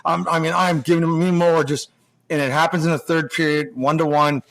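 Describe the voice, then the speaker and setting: Middle-aged male podcast guest, pitched a bit high, swears freely and tells animated stories in a loose, casual way. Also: brisk, vocal fry. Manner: animated, profane anecdote-telling with restarts. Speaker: podcast guest, former hockey player. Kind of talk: casual storytelling chat.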